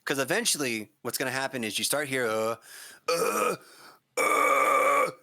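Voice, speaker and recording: A man coaching metal vocals in casual chat, breaking off to demonstrate gritty growls and high screams, with frequent restarts. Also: big pitch swings, normal speed, gravelly, bright, forceful tone, no echo. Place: streaming setup, video call.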